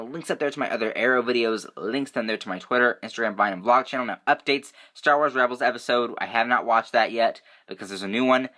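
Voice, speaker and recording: A young man giving a casual, excitable, rambling review of a TV episode, full of fillers. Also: mid-range voice. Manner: excitable, rambling, many fillers like "you know" and "like". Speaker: TV review vlogger.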